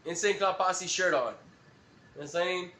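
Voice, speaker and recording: A man's voice: high-pitched, normal speed, bright, forceful tone, reverberant, slight background noise. A man rambling through a profane, laugh-filled story on a live stream.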